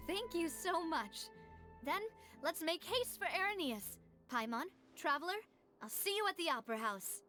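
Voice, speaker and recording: A woman's voice: extremely high pitch, expressive, a little slow, sharp tone, heavily acted. A woman voicing a confident, upbeat young woman leading an investigation in a video game. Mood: determined. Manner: determined, cheerful. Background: game music.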